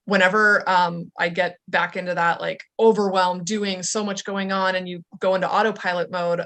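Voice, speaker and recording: A woman coach answers interview questions in a reflective, measured manner. Her voice sits on the lower side for a woman. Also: level tone, fairly bright tone. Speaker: life coach guest.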